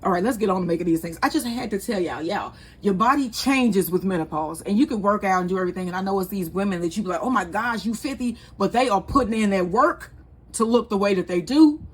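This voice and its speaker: A woman's voice: medium pitch, expressive, fast talker, breathy edge. A woman, chatting casually and rambling as she hosts a home cooking vlog. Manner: chatty, rambling, laughs easily. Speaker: cooking channel host.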